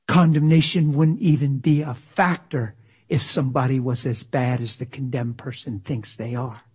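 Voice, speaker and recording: A man preaching a sermon with passion, swinging from loud exclamations to near-whispers. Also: mid-range voice, fairly even intonation, moderate pace, husky.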